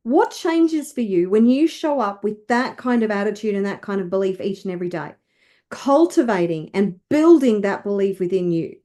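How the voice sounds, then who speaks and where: A woman wealth coach leading listeners through slow, emphatic affirmations to repeat after her. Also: medium pitch, animated, warm tone.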